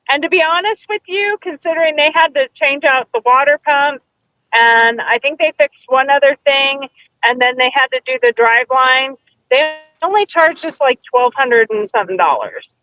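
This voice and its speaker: Chatty woman co-host, high voice, dry dull sound, tells stories with quoted bits. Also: normal speed, bright, forceful tone, dry recording. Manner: chatty storyteller, acts out quotes. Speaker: podcast co-host. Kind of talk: casual chat.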